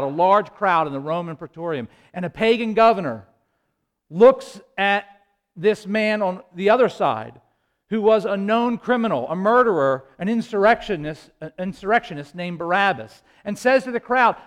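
A man preaching a sermon with impassioned delivery, swinging between loud rises and hushed low passages, with halting restarts. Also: expressive. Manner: impassioned, rising and falling, dramatic pauses.

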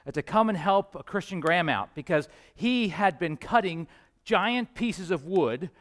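A man preaching a sermon to his congregation, earnest and with frequent filler pauses. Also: sits high, lively intonation, fairly bright tone. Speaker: pastor.

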